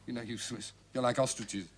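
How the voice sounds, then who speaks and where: An actor playing an unflappable gentleman detective, cool and dryly ironic, probing with questions in a 1970s TV crime drama. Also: medium pitch, steady tone, normal speed, noisy background, natural voice. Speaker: amateur detective.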